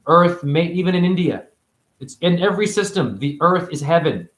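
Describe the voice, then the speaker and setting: A man giving a rambling spiritual monologue, free-associating and preachy, jumping between high exclamations and low mutters. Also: animated, normal speed, a bit bright, roomy sound. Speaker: spiritual teacher.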